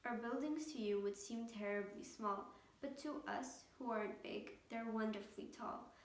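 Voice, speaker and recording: A woman's voice: on the high side, normal speed, lightly acted. A woman voicing a tiny, grateful male town mayor in a storybook, with an eager, piping delivery. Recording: echoey room, mic at a distance.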